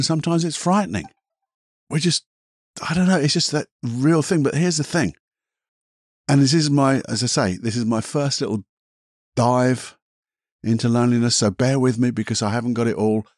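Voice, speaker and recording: A man hosting a reflective podcast, gentle and rambling, leading a guided imagination exercise with a soft laugh at himself. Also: on the low side, no echo, studio quality. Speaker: podcast host and therapist.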